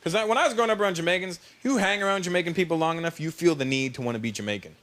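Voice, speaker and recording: A man's voice: on the high side, racing. A man doing a stand-up comedy routine on a live stage, brash and teasing as he chats with the crowd. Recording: live show with loud audience noise.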